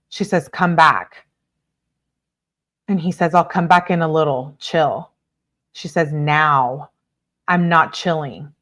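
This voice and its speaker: A woman with a low voice reads a string of text messages aloud for her channel and stops to comment on them. She speaks emphatically and swaps swear words for softened stand-ins. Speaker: true crime commentator.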